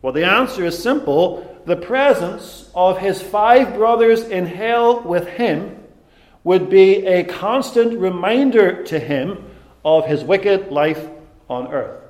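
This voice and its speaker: Slow, high-pitched preaching man. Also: animated, darkish tone, echoey room. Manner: deliberate, emphatic preaching with dramatic pauses. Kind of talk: sermon.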